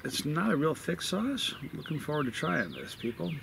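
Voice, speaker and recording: Man, gravelly voice, rambling casual chat, outdoors with faint birdsong. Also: a little high, sing-song, moderate pace, noisy background. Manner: rambling, chatty, lots of fillers and restarts. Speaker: hot sauce reviewer. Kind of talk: casual outdoor video review. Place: outdoors in a desert backyard with birds.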